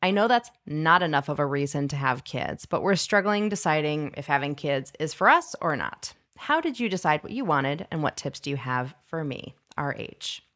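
A woman's voice: deep voice, animated, normal speed, hardly any pauses, fairly bright tone. A woman co-host giving upbeat advice and reading out a listener letter. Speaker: podcast co-host.

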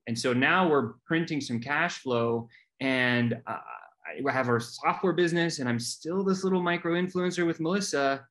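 A man's voice: on the high side, moderate pace, fairly bright tone. A man talking as a podcast guest, telling his story candidly and earnestly, often restarting and repeating words.

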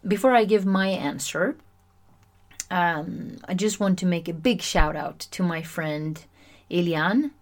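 A woman's voice: on the low side, slow pace. Chatty, self-mocking woman podcast host. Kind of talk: solo self-help podcast monologue.

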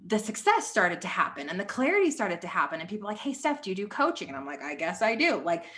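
Casting: young woman, guest on a podcast, chatty, animated storyteller. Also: mid-range voice. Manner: animated storytelling with many likes. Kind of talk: casual testimony.

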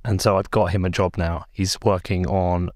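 A man's voice: low-pitched, level tone, moderate pace, darkish tone, dry recording, clean studio sound. A middle-aged man hosting a podcast, joking, swearing freely and telling stories in casual banter.

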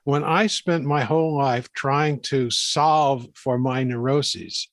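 A man at an ordinary pitch speaks in a thoughtful, earnest way, often restarting phrases as he works through a point. His voice is dry and close, heard over a video call. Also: fairly even intonation, slow, dry recording. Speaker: podcast co-host. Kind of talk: casual conversation.

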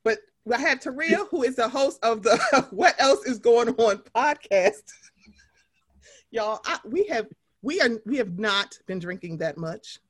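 A woman's voice: fairly high pitch, animated, measured pace, breathy edge. A woman hosting a podcast in casual chat, brash and profane, laughing often. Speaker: podcast host.

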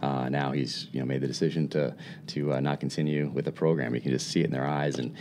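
A man with an exceptionally deep, low voice talks quickly and candidly as a podcast guest. He stumbles and restarts often and laughs easily. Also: steady tone, darkish tone, slight background noise. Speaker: guest, former special operations instructor. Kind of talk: casual podcast conversation.

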